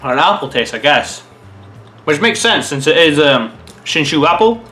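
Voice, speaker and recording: Lively man chatting through a taste test. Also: fairly high pitch, normal speed, faint music behind. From Scotland. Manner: chatty and animated, muses aloud while eating. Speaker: vlogger. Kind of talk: casual taste-test review.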